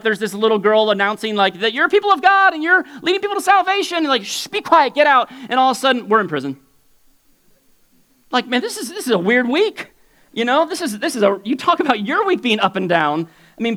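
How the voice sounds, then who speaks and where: A male pastor preaching a sermon in a casual, conversational way. He swings between loud, high exclamations and quiet, low asides, and often chuckles between points.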